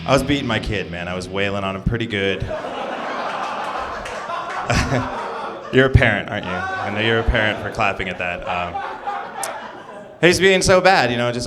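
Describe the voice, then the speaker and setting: A man's voice: fairly low pitch, lively intonation, normal speed, pauses often, background noise. A young man performing a loose, jokey stand-up set on a club stage, talking to the audience between bits. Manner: loose, jokey delivery with asides to the crowd. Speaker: stand-up comedian. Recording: live club recording with crowd. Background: audience laughter and clapping.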